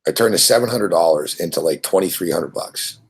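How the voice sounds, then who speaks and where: A man's voice: low voice, a little fast, gravelly, breathy edge. A man from Montreal, hosting and telling a rambling, profane story that keeps repeating itself. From Montreal, Canada. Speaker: host.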